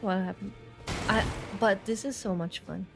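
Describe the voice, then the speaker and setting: A woman's voice: medium pitch, normal speed, creaky, over music. A woman streaming a game live, chattering nervously and yelping when startled. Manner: excitable, jumps between nervous chatter and yelping. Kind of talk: live gameplay commentary.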